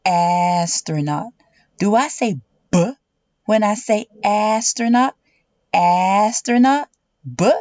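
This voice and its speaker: Woman, children's phonics teacher, very slow, exaggerated sounding-out, dull lo-fi audio. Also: medium pitch, darkish tone, no echo.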